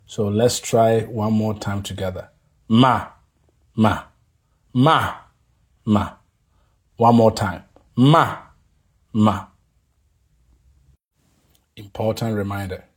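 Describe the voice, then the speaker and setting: A man teaching a language lesson, drilling tones slowly and deliberately, leaving pauses for the listener to repeat after him. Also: lowish voice, a little mellow, slightly rough. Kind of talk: scripted pronunciation lesson.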